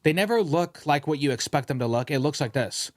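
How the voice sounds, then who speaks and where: Young male podcast co-host, slightly higher voice, animated storytelling with slang and cursing, recorded dry. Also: brisk, dry recording. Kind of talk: casual podcast rant.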